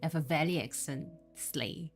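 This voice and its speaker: Speaking at normal speed in a low, slightly rough voice, a young woman from Singapore with a Singaporean English accent chats with her live-stream viewers. She laughs a lot and moves between English, Mandarin and Japanese over faint background music.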